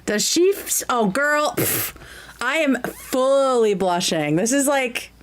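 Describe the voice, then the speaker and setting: Giggly woman streamer, bubbly casual chat, highish voice, throws in french. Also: animated, slow pace. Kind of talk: casual chat reacting to a clip.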